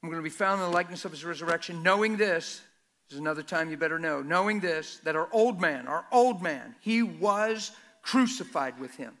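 A man's voice: fairly high pitch, brisk, fairly bright tone. A man preaching a sermon who reads scripture aloud and keeps quizzing the congregation with questions in an emphatic way.

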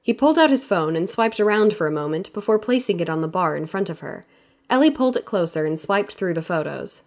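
A woman narrating a romance audiobook with steady, even storytelling. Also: fairly low pitch, a little fast. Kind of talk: scripted narration.

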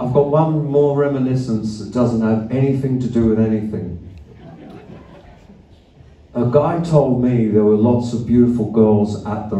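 A musician telling loose, profane, self-mocking stories to a live theatre audience. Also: male voice, mid-range voice, warm tone. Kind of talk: rambling stage banter between songs. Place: theatre stage. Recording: live theatre recording, roomy and distant.

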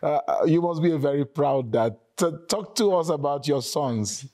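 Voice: medium pitch, moderate pace, background noise. An interviewer asking questions in a casual, affirming way. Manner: warm, affirming, with frequent murmurs of assent.

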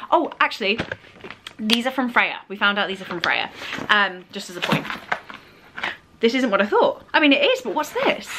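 In a very noisy clip, a book vlogger with a slightly high voice unwraps her birthday gifts on a casual vlog. She's young, excitable and gushing, letting out squeals of delight.

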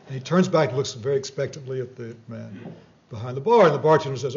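A male lecturer taking questions and telling a joke at the close. He speaks in a measured, halting way, often pausing on fillers, at a middling pitch. The recording is a little dull. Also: gravelly, a little mellow.

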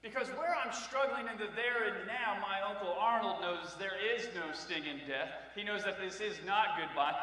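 A man's voice: high-pitched, pushed and bright. A man with an Ohio accent preaching a sermon in a church, telling stories with humor and asides to the congregation. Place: church sanctuary. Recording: echoey church hall from far off.

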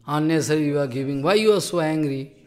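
A man playing a tender-hearted elderly monk who scolds but pleads, slow and heavy in his speech. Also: fairly high pitch, a little mellow, voice pushed down, lightly acted. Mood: sorrowful.

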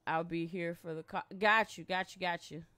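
A young woman live streaming a game, chatting casually with her squad, blunt and profane, breaking into loud laughs. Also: on the low side, steady tone, moderate pace, clear, resonant tone. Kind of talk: casual gaming stream chat. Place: at home in a gaming chair.

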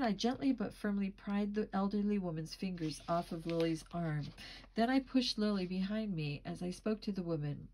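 Audiobook reader, woman, slightly low pitch, steady pacing, small stumbles. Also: low-quality recording. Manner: steady reading with occasional slips and restarts. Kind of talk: storybook narration.

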